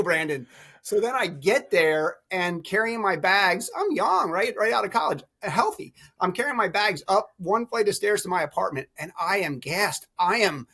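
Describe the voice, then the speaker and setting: A middle-aged man, a podcast guest, telling lively stories in a casual chat. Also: high voice, normal speed. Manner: animated, laughing storyteller. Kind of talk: storytelling chat.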